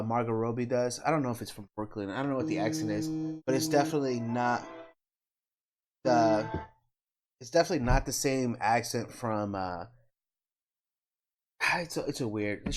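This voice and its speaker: A middle-aged man hosting his channel, giving candid, opinionated reaction commentary, swearing casually and pausing with fillers. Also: mid-range voice, faint music behind. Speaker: channel host reacting to a trailer.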